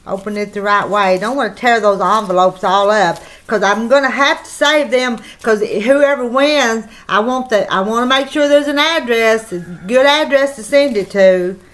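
A woman's voice: a little high, moderate pace, few pauses, a bit bright. A woman with a Southern country accent, chatting folksily to her viewers while opening mail on her vlog. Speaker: channel host.

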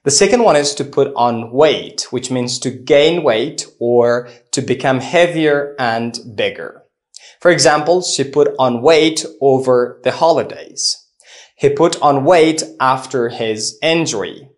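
Slow, measured male English teacher. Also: mid-range voice. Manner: slow, deliberate explanations with example lists. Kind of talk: scripted lesson narration.

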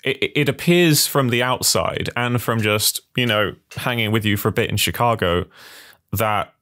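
A man's voice: fairly low pitch, moderate pace, fairly bright tone. A man hosting a podcast interview in a casual, thoughtful way, often restarting and repeating words. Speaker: podcast host.

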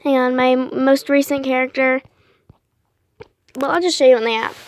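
A young woman vlogs casually in a high-pitched voice at a moderate pace. She rambles, apologizes often, fills gaps with plenty of fillers, and breaks into excitable bursts.

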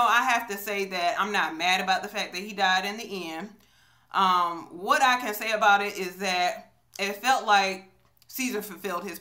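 A woman's voice: medium pitch, bright, forceful tone. A woman chatting casually in a movie review vlog, storytelling with many fillers, filmed on a phone on a selfie stick. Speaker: vlogger.

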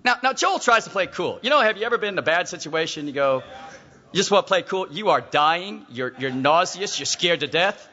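Animated high-voiced preacher in a hall. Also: male voice, fairly quick, highs cut off. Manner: animated storytelling preacher, acts out voices, calls out to the crowd. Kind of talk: sermon.

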